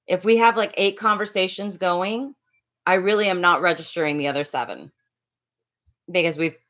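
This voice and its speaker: Loud fast-talking woman, muffled sound. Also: low voice. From Latin America. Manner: loud, fast, laughs often. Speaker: live streamer reading chat. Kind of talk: casual live-stream chat.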